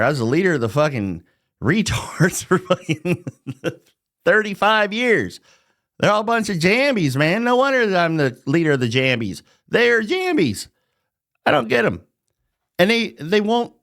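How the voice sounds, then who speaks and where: A middle-aged man delivers a loose, profane rant, his voice leaping up and down in pitch. He mocks his targets and breaks into chuckles mid-sentence. The sound is close and dry, with no room around it. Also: vocal fry, a bit bright, no echo. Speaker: vlogger. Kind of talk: casual ranting monologue.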